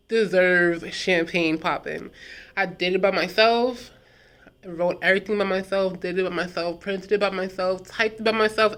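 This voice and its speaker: A young adult woman vlogging casually, talking through a personal memory in a reflective, unhurried way with trailing pauses and repeated words. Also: mid-range voice, a bit bright. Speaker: vlogger and self-published author.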